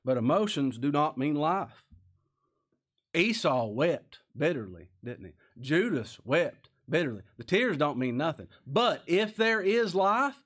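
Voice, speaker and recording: A man preaching a sermon, earnest and emphatic, with many rhetorical questions. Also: a little high.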